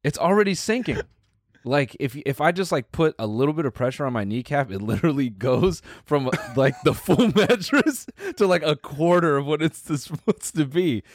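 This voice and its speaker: A man's voice: on the high side, lively intonation, moderate pace, no echo. Man, casual podcast co-host, slangy, dude-and-bro talk, plain voice, dry sound.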